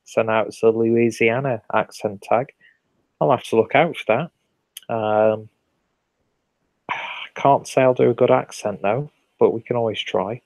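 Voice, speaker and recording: Relaxed, sweary English man on a stream. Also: medium pitch, unhurried, pauses often, no echo, poor audio. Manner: relaxed, rambling, sweary, reads viewer comments aloud. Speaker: host of a live beer review stream. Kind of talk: casual late-night live stream chat.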